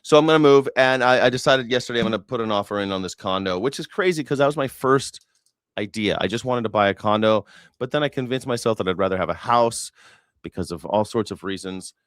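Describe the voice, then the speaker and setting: A man's voice: mid-range voice, fast talker, clear, resonant tone, no echo, clean studio sound. A man hosting a news reaction live stream, rambling in a profane, sarcastic way.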